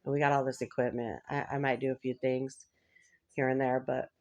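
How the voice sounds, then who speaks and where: A woman's voice: very deep voice, flat delivery, a little fast, darkish tone. A woman vlogger talking in a rambling, casual chat to camera, laughing often between thoughts.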